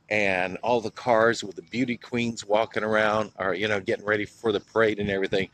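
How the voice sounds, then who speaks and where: Briskly and with hardly any pauses, a North Carolina man with a Southern US accent chats on a livestream outdoors in a small town. He greets viewers by name and reminisces, laughing often. His voice is lowish and a bit bright, with fairly even intonation.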